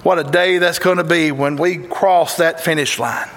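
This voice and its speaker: A man's voice: a little high, steady tone, normal speed, a bit bright. A man with a Southern Tennessee accent preaching a sermon in a church, fervent and folksy with bursts of exclamation. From Tennessee, USA. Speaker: guest preacher. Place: church sanctuary. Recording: echoey church hall reverb.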